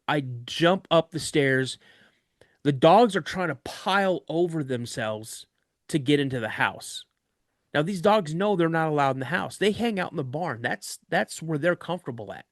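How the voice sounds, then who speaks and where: A man's voice: on the high side, no room sound, studio quality. A man, a podcast guest, vividly recounting a frightening personal story. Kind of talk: recounting a scary true story.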